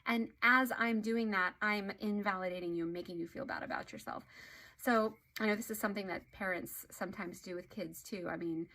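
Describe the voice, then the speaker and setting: A woman relationship therapist giving an earnest, explanatory talk to camera, with animated emphasis. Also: mid-range voice, brisk, a little hiss or hum.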